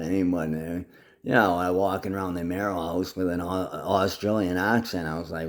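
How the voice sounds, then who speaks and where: Deep-voiced man ranting, profane and agitated. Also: steady tone, normal speed. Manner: profane, agitated, jumps between topics; slips in and out of a mock Aussie twang. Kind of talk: rambling video message to family.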